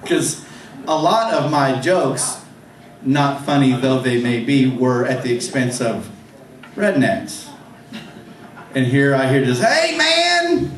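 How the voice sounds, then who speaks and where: A man's voice: mid-range voice, slow pace, long pauses. A man hosting an open mic comedy night, telling a rambling, self-deprecating story from the stage with many restarts. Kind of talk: stand-up storytelling. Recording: echoey club room, distant mic, faint hum.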